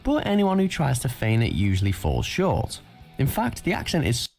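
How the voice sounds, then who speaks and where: A man's voice: medium pitch, huge pitch swings, moderate pace, darkish tone, faint music behind. A man narrating a scripted countdown list video with an emphatic delivery.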